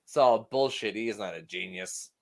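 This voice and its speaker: A man's voice: on the low side, moderate pace, a loud crowd. A man co-hosting a casual wrestling podcast, joking, swearing freely and laughing often. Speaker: podcast co-host. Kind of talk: casual chat watching wrestling.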